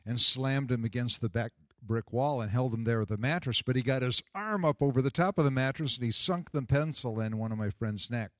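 An older man tells a personal story in a medium-pitched voice and hammers his points home by repeating them. His voice jumps up high when he gets emphatic. The sound is dry and close, with no room echo. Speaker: pastor and jail chaplain.

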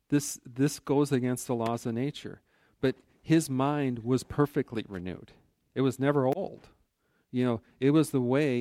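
A man's voice: mid-range voice, darkish tone, no room sound. A man teaching from the Bible in a conversational, earnest way, often restarting his sentences and adding "you know". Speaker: preacher.

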